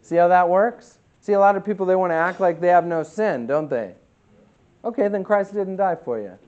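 A man preaching a sermon as pastor. He preaches emphatically, swinging from loud to quiet, and reads scripture slowly. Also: high voice, muffled recording.

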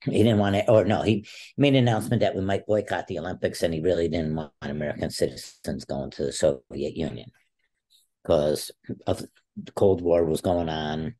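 A man in his sixties with a low, mellow voice talks at normal speed as a podcast guest. Once a wrestler and a teacher, he tells vivid stories and acts out the voices of the people he quotes.

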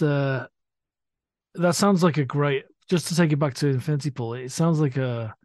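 A middle-aged man co-hosting a podcast, chatting enthusiastically with many halting restarts. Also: a little high, a little mellow, no echo. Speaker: podcast co-host. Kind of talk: casual chat.

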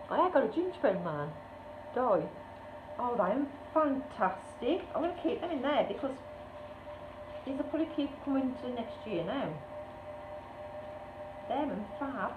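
A woman's voice: mid-range voice, lively intonation, moderate pace, long pauses. A woman chatting casually as she unboxes a parcel on her craft channel, gushing and exclaiming often. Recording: tinny, echoey, noisy room sound.

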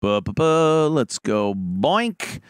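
A man hosting a call-in radio show, talking in a profane, animated, mocking way. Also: mid-range voice, slow pace, clean tone, dry recording, clean studio sound. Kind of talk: casual call-in talk.

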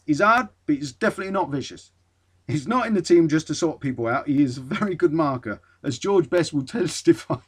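A man putting on a clumsy northern accent to read a blunt footballer's praise of a teammate, forceful and clipped. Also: on the high side, expressive, fairly quick, husky. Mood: insistent. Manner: attempted Geordie accent, clipped dialect grammar, forceful.

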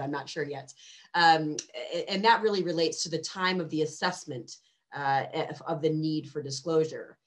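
Low-voiced woman speaking on a legal panel. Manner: measured, precise, quotes legal text carefully; frequent fillers and small restarts. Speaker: arbitration lawyer on a panel. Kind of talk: webinar panel talk.

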